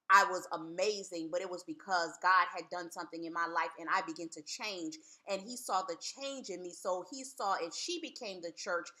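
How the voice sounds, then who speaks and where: Woman, Christian vlogger; bright, clear tone, earnest and candid, casual delivery. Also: on the low side. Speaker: Christian vlogger giving marriage advice. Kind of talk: casual faith talk to camera.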